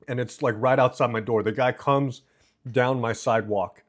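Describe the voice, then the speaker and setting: At a normal speed and in a steady, medium-pitched tone, a man chats casually on a live stream from his home. He reads the chat aloud while he eats, using a desk mic with noise cancellation indoors.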